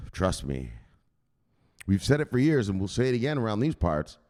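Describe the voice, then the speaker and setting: A man hosting his own channel, ranting in hyped, profane vlog commentary and punctuating points with shouted exclamations. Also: fairly low pitch, sing-song, normal speed. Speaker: crypto channel host.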